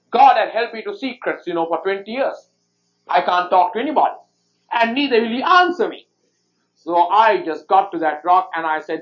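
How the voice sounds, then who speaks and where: A man's voice: sits high, dull audio. A man, a pastor, telling a personal story in a sermon, with emphatic, repetitive storytelling.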